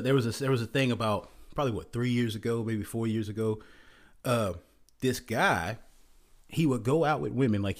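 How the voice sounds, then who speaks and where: A man's voice: medium pitch, a little mellow. A man giving a blunt, exasperated rant in a casual commentary, often repeating himself and restarting his sentences.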